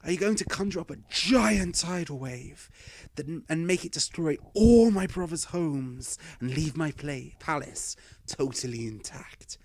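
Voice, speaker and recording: Man voicing a whiny king, petty, excitable, pleading, higher voice. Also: measured pace. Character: whiny insecure male king, petty, pouting.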